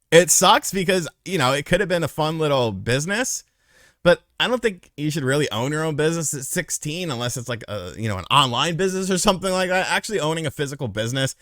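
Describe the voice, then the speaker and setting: A man's voice: a little high, a bit bright, dry recording, studio quality. A man in his thirties telling a story in a casual, rambling, profane way.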